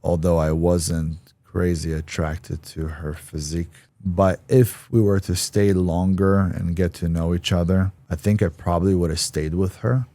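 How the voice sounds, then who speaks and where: Low-voiced man telling a frank story. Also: steady tone, measured pace, hardly any pauses, dark tone, no room sound. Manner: frank, profane, acts out quoted voices. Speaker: podcast guest. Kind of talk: candid personal storytelling.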